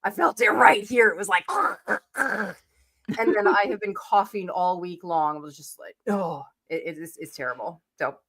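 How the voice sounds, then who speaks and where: A woman in her forties, sick and hoarse, chatting casually as co-host of a reaction show, swearing freely and laughing often. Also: lowish voice, lively intonation, moderate pace, a bit bright. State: sick, losing her voice, coughing.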